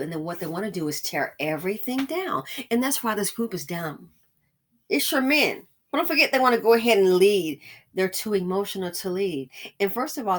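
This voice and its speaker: A woman hosting her own commentary channel, ranting in a sarcastic, scolding and emphatic way. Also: mid-range voice.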